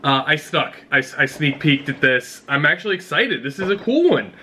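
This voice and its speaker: A man vlogging an unboxing in an excitable, casual way, talking straight to his viewers. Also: a little high, normal speed, slightly rough. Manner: excitable, talks to viewers directly. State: out of breath. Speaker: fishing vlogger.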